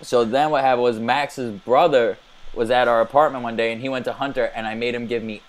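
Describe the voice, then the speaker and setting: A man telling a story in a casual podcast chat, profane and animated. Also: mid-range voice. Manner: profane, animated, quick delivery.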